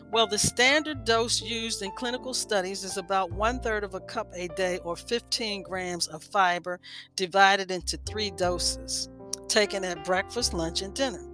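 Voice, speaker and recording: A woman's voice: medium pitch, pushed and bright. A woman hosting a health talk, reading an article aloud with frequent stumbles and self-corrections. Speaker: health podcast host.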